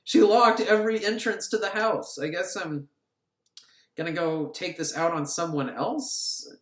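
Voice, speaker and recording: A man's voice: high voice, unhurried, a bit bright. A man voicing a bitter, brooding masked husband in a melodramatic voice in a roomy space. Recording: roomy echo.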